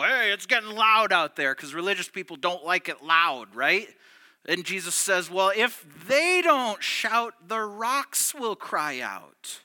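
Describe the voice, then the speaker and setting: Animated, bright-voiced male pastor preaching. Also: high-pitched. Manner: animated, conversational preaching with wide swings from loud to hushed. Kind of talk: sermon.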